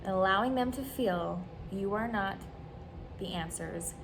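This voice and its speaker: A woman hosts an advice podcast in an earnest, encouraging voice at an ordinary middle pitch. She talks straight to the listener. A clear, steady background noise runs under the recording. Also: measured pace. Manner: warm, earnest and encouraging, acts out quoted remarks. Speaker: podcast host giving advice. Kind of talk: earnest advice talk to camera.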